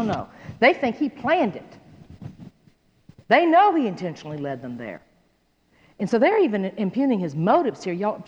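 Lively woman teaching scripture. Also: mid-range voice. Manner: animated, folksy, asks listeners "okay?". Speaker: Bible teacher. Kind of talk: Bible study teaching. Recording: dull sound in a reverberant hall.

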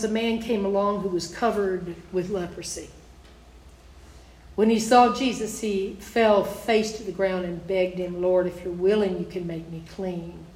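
A woman's voice: mid-range voice, darkish tone, slight background noise. A woman teaching a Bible study, reading scripture aloud and then explaining it in plain, conversational asides. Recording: echoey room.

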